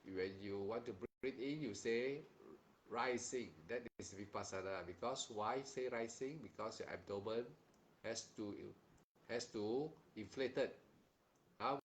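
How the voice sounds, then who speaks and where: A man's voice: on the low side, a little slow, slight background noise, poor audio. A man teaching meditation and giving a dharma talk. He is stern and admonishing, repeats himself, and keeps asking "huh?" as a tag question. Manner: repeats phrases and restarts sentences in plain, simple wording.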